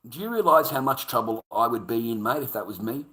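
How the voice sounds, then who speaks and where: Australian male streamer, mid-pitched, angry sweary monologue, roomy echo. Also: expressive, fast talker, sharp tone. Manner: heated, profane, repeats himself. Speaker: livestreamer. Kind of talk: angry livestream rant.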